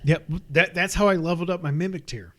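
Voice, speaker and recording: A man's voice: fairly high pitch, fast. A man co-hosting a podcast, chatting casually about a video game with lots of fillers and restarts. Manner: rambling, animated, frequent fillers and restarts. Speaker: podcast co-host. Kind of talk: casual gaming chat.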